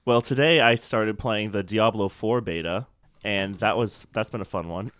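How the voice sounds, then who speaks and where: A man co-hosting a casual podcast, easygoing and jokey, often breaking into laughter. His voice sits fairly low and is recorded dry and close. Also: moderate pace, a bit bright, no echo. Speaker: podcast co-host. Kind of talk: casual chat.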